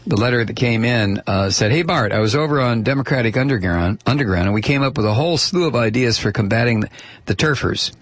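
A man's voice: mid-range voice, expressive, fast, dry recording. A man hosting a talk radio show, chatty and opinionated, reading listener mail aloud into a studio microphone.

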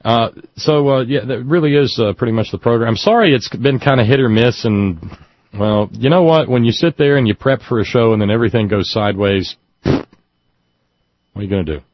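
A man's voice: medium pitch, brisk, dry recording. A man hosting a casual talk show, rambling and self-deprecating as he wraps up the program. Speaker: host. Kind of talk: casual radio show chat. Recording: dull lo-fi sound.

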